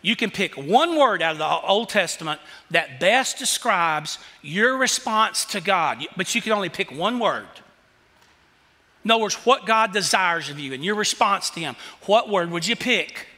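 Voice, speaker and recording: A man's voice: high-pitched, expressive, moderate pace, bright, forceful tone, in a large hall. A man preaching a sermon as pastor, telling stories in a conversational way.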